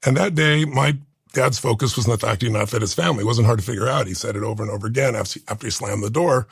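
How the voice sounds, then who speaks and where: A man's voice: medium pitch, vocal fry, breathy edge, dry recording, studio quality. A man in his sixties, a guest on an interview show, telling an emotional personal story earnestly. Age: 60s.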